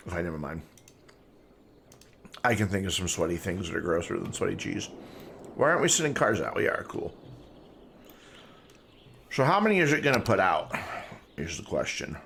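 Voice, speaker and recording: A lower-pitched man chatting through a city-building stream, his voice swinging up and down as he thinks aloud and talks to chat. There is a faint hiss of noise behind him. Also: moderate pace, vocal fry, pauses often. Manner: relaxed, chatty, talks to himself and chat while playing; talking with mouth full. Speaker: game streamer. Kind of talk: casual live-stream commentary.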